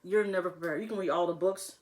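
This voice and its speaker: A woman's voice: lowish voice, fairly even intonation, fast talker, a little mellow. A young woman talking casually to camera as a vlogger, rambling and laughing often.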